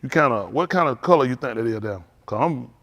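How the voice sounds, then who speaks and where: A middle-aged man preaches at a quick pace in a mid-range voice. He keeps things animated, addressing the congregation directly and teasing the young people in the pews.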